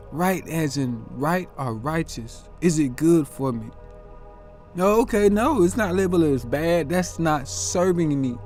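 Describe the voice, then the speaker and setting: An earnest man talks through a reflective motivational monologue, asking himself questions and answering them aloud. His voice sits a little high for a man, and faint music plays underneath. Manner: earnest, self-questioning, drawn-out musing. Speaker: host.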